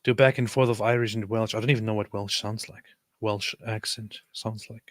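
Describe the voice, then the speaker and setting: A man's voice: lowish voice, steady tone, brisk, no room sound. A man co-hosting a live stream, chatting casually and wryly and reading out viewer comments. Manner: laid-back, wry, reads viewer comments. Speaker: co-host of a live talk stream.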